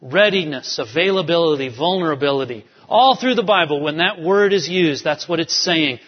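High-voiced man preaching in a reverberant hall. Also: expressive, moderate pace. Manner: emphatic preaching, dropping to near-whispers. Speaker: pastor. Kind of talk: sermon. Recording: dull sound in a long-reverb hall.

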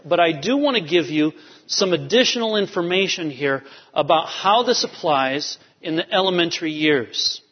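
A pastor telling a family story in a sermon, storytelling with many fillers. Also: male voice, a little high, expressive, moderate pace, husky. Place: church sanctuary. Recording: dull reverberant church hall. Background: long hall reverb.

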